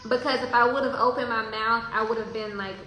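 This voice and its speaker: Brief: animated woman, bright and a little high, telling a story in a very echoey room. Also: fairly quick. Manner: animated, laughing often, spiritual. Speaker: traveler sharing a story. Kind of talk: casual storytelling chat. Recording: very echoey room with faint hiss.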